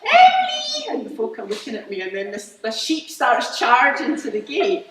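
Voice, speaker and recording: A woman's voice: fairly high pitch, expressive, normal speed, very noisy. A woman with a Scottish accent, a farmer talking to an audience about her farm business in a chatty, enthusiastic way, with lots of fillers and restarts. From Scotland. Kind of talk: informal presentation to an audience. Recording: roomy hall, mic at a distance.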